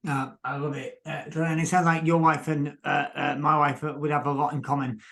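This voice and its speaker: A man's voice: fairly high pitch, flat delivery, moderate pace, vocal fry, fairly bright tone. A man hosting a podcast interview, speaking hesitantly with many fillers. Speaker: podcast host.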